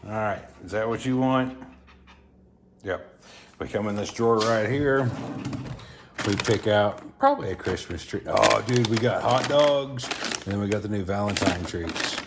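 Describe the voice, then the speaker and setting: A man's voice: lowish voice, normal speed, long pauses. A man, chatting casually to the camera and his dog while he grooms it indoors. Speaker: dog groomer and pet owner. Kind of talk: casual vlog narration. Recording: echoey room with loud ambient noise.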